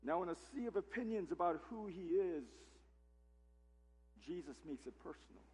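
A man's voice: high voice, lively intonation, moderate pace, a little mellow, breathy edge. A man preaching a sermon as pastor, emphatic and full of rhetorical questions, in a church sanctuary. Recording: long hall reverb.

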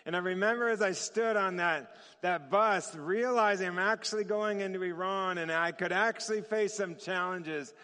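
A man preaching a sermon as a story, lively and chuckling often, acting out the voices in his story. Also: high-pitched, moderate pace, few pauses, in a large hall. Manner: lively, chuckles often, acts out quoted dialogue.

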